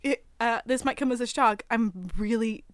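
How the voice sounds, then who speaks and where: A woman's voice: a little high, normal speed, dry recording. A woman co-hosting a podcast in casual chat, playful and giggly, swearing freely. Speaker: podcast co-host.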